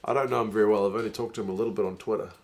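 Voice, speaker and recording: A man with a lowish voice talks very fast on a casual live stream, reading viewer comments aloud as he reacts to a rugby match. He chuckles often and bursts with excitement at the big plays.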